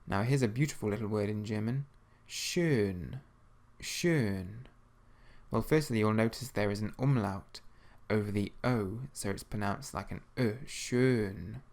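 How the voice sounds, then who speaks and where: A man teaching an audio language lesson, patiently repeating each word slowly so learners can practice. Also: fairly low pitch, steady tone, darkish tone.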